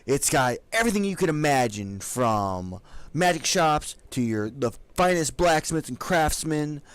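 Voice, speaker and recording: Guy putting on a flirty lady guard, coy and hushed, tabletop game. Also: on the high side, sing-song, measured pace, clean tone. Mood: gushing. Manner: coy, teasing, drops to a soft hush.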